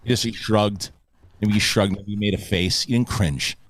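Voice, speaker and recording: A man's voice: on the low side, steady tone, normal speed. A man hosting a live online show, ranting in casual banter with crude jokes. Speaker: host.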